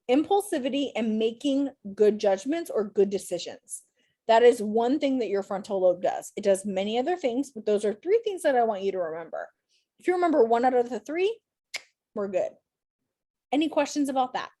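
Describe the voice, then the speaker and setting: A woman's voice: on the high side, warm tone. A woman teaching an online class over a video call, chatty and encouraging, her voice tired after a day of teaching. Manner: chatty, encouraging, upbeat with students.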